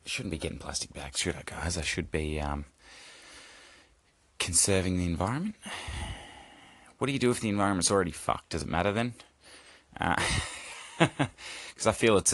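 Low-voiced, profane rambling man. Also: moderate pace, pauses often, fairly bright tone. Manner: rambling, profane and self-mocking, scolding his cat. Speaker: podcast host. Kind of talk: casual solo podcast check-in. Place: at home.

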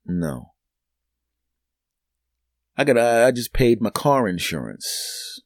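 A man's voice: medium pitch, sing-song, takes it slowly, dry recording. A man hosting his own podcast, talking alone in a loose, rambling comic monologue. His voice sits in an ordinary middle range and is recorded dry and close, with no room sound around it. He keeps breaking into exaggerated voices to act out imagined conversations. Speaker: podcast host. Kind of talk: solo comedic monologue.

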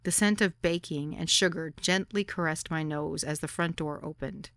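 Brief: female memoir narrator, wry deadpan delivery, bright crisp tone, lower pitch. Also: normal speed, dry recording, studio quality. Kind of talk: audiobook memoir reading.

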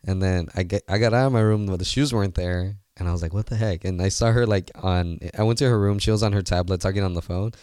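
A man's voice: deep voice, quick pace, hardly any pauses, darkish tone, dry recording. Earnest, rambling young man, dry sound. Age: 20s. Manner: earnest, rambling, with many fillers and restarts. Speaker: guest, seminar organizer. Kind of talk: casual interview talk.

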